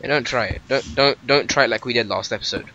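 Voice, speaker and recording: A man's voice: medium pitch, quick pace, bright, forceful tone, muffled recording. Bickering man on a noisy gaming mic. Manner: bickering, mock-indignant, sarcastic. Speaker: gaming channel host. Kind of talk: casual gameplay commentary. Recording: noisy home recording with keyboard clicks.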